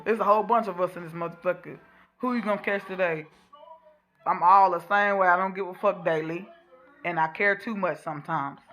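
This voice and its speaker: A woman's voice: medium pitch, highs cut off. A woman from Texas in her thirties, venting in a blunt, profane, emphatic unscripted rant. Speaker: vlogger venting on camera.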